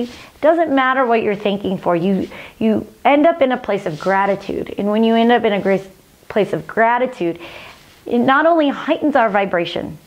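A woman teaching a healing practice to camera, speaking earnestly and gently, slowing and softening her voice whenever she repeats the mantras. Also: medium pitch.

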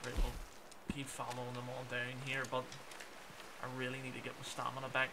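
A man's voice: mid-range voice, completely flat delivery, brisk, vocal fry, heavy background noise. A young man in his twenties with a Belfast accent, chatting with viewers and exclaiming as he plays a video game. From Northern Ireland. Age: 20s. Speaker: gaming streamer. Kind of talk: casual gameplay commentary chatting with viewers.

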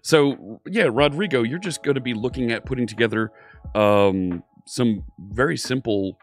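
A man's voice: mid-range voice, moderate pace, soft background music. Upbeat man hosting a coding stream. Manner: upbeat, greets viewers by name, jokes. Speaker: live stream coding teacher. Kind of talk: casual live-stream chat.

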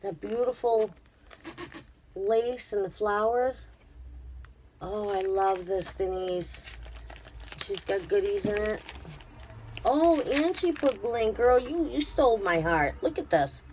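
A woman's voice: mid-range voice, slow, long pauses, a little mellow, slight background noise. A woman vlogger chatting casually to her viewers while unboxing a craft gift, gushing with effusive praise. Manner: talks to viewers directly.

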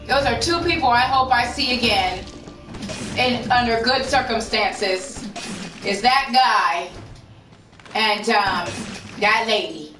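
A woman's voice: on the high side, slow pace. A woman streamer telling personal stories to her live chat in a candid way, swearing freely. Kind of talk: casual storytelling to a live chat. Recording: roomy sound from a distant mic. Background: faint music.

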